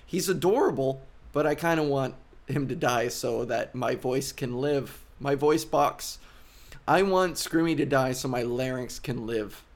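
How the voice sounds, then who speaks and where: A male comedian hosting a podcast alone, talking in a casual, rambling monologue, interrupting himself and swearing. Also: fairly high pitch. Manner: rambling, self-interrupting, profane.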